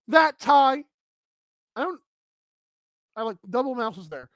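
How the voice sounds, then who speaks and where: A bubbly, animated woman chats casually through a fashion segment on a talk show. Her voice sits high, and the close mic gives it a dry sound with no room around it. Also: slow, pauses often, no room sound. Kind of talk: casual chat.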